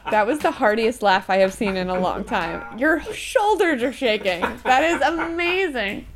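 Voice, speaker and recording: A woman's voice: on the high side, expressive, moderate pace, over music. A woman co-hosting a casual podcast chat over drinks, laughing often and talking over the others. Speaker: podcast co-host.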